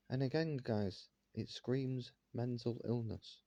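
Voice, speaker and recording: A man's voice: mid-range voice, fairly even intonation, unhurried, few pauses, mellow, dry recording, highs cut off. A man ranting to his viewers in an indignant monologue, firing one rhetorical question after another. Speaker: vlogger.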